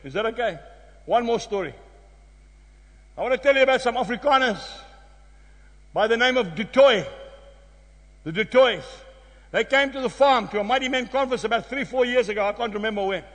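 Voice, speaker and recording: A South African man preaching a sermon, telling a story with emphatic exclamations that drop to hushed tones. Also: very high-pitched, expressive, a little fast, long pauses. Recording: long hall reverb.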